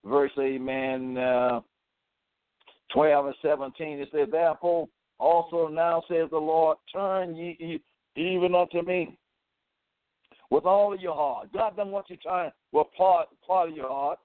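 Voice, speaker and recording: A man's voice: fairly high pitch, steady tone, measured pace, no echo. A man preaching a radio sermon with fervor, sprinkling in "amen" and "praise the Lord" as he exhorts his listeners to pray. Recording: tinny phone-like radio sound.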